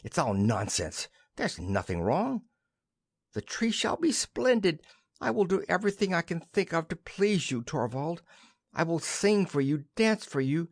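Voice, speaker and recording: A man's voice: fairly high pitch, big pitch swings, a little slow, gravelly, dry recording, studio quality, exaggerated voice. A man voicing a young wife who hides a secret, pleading and then brushing off her worry. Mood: coaxing.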